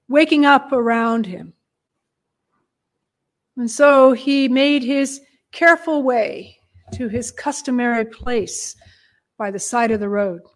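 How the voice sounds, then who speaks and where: Woman storyteller, high voice, slow and expressive, dramatic retelling. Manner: expressive, with hushed moments and long pauses.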